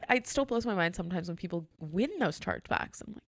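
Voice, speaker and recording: A woman's voice: on the low side, quick pace, creaky, no echo, clean studio sound. A woman co-hosting a podcast, telling a workplace story in casual chat and acting out the dialogue with frequent laughs. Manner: animated storyteller, acts out dialogue, laughs often. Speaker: podcast co-host.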